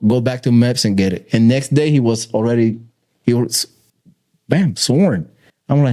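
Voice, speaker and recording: A man hosting a podcast, chatting loosely and sharing his own stories with a halting, filler-heavy way of talking. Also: medium pitch, dark tone. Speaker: podcast host. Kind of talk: casual interview chat.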